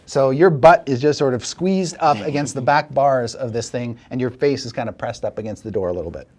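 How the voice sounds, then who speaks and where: Male dungeon master, animated and descriptive, mid-pitched voice. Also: brisk. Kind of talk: narrating a tabletop game.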